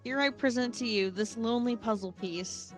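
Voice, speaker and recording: A woman's voice: a little high, moderate pace, soft background music. A woman playing the defense lawyer in a comedic courtroom role-play, arguing in a giggly, flustered way. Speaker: defense lawyer in a mock trial.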